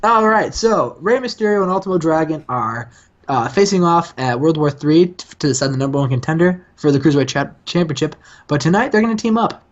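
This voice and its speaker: Man, casual gaming commentary, jokey, voices characters, dull low-fi recording. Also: lively intonation, a little fast. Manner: joking, acts out characters. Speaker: host. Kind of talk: casual let's-play commentary. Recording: dull lo-fi mic.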